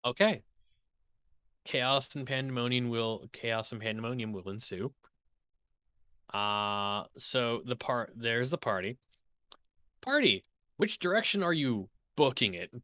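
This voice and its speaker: A man running a tabletop game as dungeon master on a live stream, unhurried and halting, with frequent fillers. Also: mid-range voice, pushed and bright, dry recording, clean studio sound.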